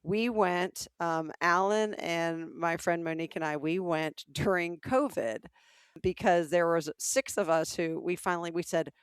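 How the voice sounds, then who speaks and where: A woman's voice: on the low side, a little slow, clean tone, no room sound. A middle-aged woman from the American South, co-hosting a podcast and telling anecdotes in casual chat, acting out the voices of people she quotes. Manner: animated storyteller, acts out quoted voices. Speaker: podcast co-host.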